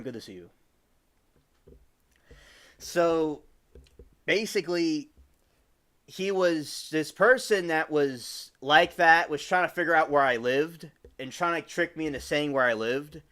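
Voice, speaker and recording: A man's voice: on the high side, fairly bright tone. A man in his twenties rambling casually on a live stream, greeting chat viewers by name and restarting his sentences often. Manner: rambling and chatty, with many restarts.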